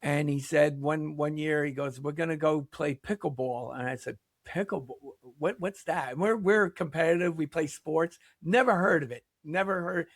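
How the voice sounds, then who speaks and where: An older man from New York speaks as a podcast guest, his voice sitting a touch high for a man. He tells rambling stories and animates the quotes inside them. The sound is dry and close. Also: moderate pace, few pauses, no echo. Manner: rambling, animated storyteller who acts out quotes. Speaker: podcast guest, pickleball league founder. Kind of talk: casual interview storytelling.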